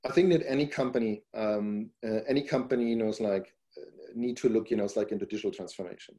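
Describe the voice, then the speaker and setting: A man's voice: on the low side, fast talker, mellow. A man guesting on a podcast, answering at length in casual talk, filling his sentences with "you know, it's like" and growing emphatic on his points. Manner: rambling, repeats "you know, it's like" often; grows emphatic when making a point. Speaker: podcast guest, company founder.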